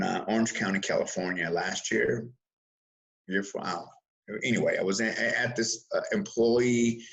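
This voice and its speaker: A man with a low, creaky voice is a guest in a casual interview about mindfulness. He tells lively stories with chuckles, frequently restarting and repeating words. The audio is poor.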